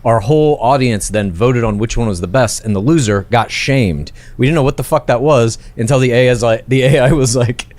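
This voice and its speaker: A man's voice: mid-range voice, a little fast, hardly any pauses, a little mellow. A man guesting on a comedy podcast, telling rambling matter-of-fact anecdotes. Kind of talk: casual comedy chat.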